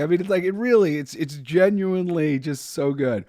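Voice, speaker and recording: A man's voice: a little high, lively intonation, fairly quick, few pauses, no echo, studio quality. A young man hosting a casual solo podcast about a film, rambling and enthusiastic, with many restarts and frequent laughs. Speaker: podcast host.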